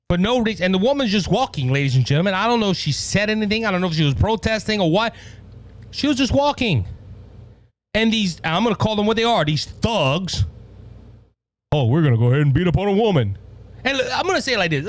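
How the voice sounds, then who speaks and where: A man with a Cajun accent hosting a conservative political commentary show, talking in an impassioned, repetitive way with many stammered restarts. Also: sits high. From Louisiana. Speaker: podcast host.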